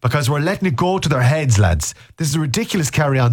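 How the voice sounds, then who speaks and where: A man's voice: on the high side, animated, quick pace, hardly any pauses, breathy edge, soft background music. A man with an Irish accent, hosting a casual afternoon radio show while suffering a cold, slipping into mock-outraged comic rants. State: has a cold. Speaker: radio host.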